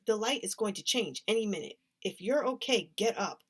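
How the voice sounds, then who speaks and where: A woman voicing an adult crossing guard who talks in a dry, brisk way. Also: medium pitch, expressive, slightly rough.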